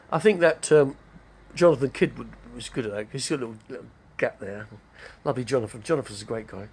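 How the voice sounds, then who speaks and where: Gravelly, chatty man. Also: mid-range voice, brisk, a little mellow. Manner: chatty, digressive, name-dropping. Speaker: live-stream host. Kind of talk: rambling casual monologue.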